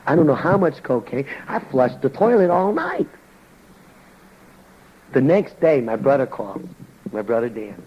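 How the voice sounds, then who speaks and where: A man's voice: mid-range voice, very animated, measured pace. A man preaching his testimony to a congregation, telling it in a folksy, plain-spoken way with slang. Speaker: evangelist preacher. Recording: dull lo-fi recording with faint background noise.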